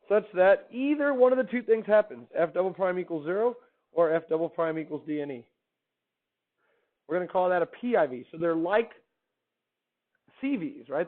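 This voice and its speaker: A male teacher lectures a classroom in an upbeat, chatty way, stopping often to quiz his students. His voice sits a little high. The recording is narrow and tinny, like a phone line. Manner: upbeat, quizzing students with questions. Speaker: math teacher.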